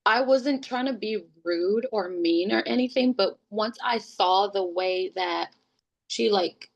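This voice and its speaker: A woman guest on a podcast, telling a personal story in a casual, lively way, recorded at home. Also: mid-range voice, takes it slowly, lo-fi sound. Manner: lively, acts out quoted voices.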